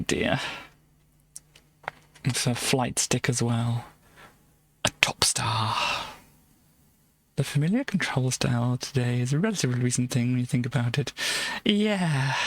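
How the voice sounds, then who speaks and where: A woman streaming live, chatting casually and giggling as she reads through an old games magazine. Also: a bass voice. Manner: chatty and giggly, trailing off into soft asides.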